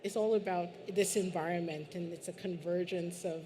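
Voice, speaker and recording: A woman's voice: fairly low pitch, steady tone, normal speed, dark tone, slight background noise. A woman from Guyana speaking on a conference panel in an earnest, conversational way, with the odd restart. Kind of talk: panel discussion. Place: conference stage.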